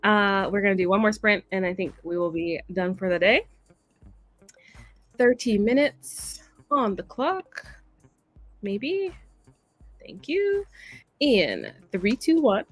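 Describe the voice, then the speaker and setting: A woman's voice: mid-range voice, lively intonation, slow, pauses often. Chatty Canadian woman livestreamer. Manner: chatty, laughs often, talks to her pets. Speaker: livestream host. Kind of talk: casual chat reading chat messages.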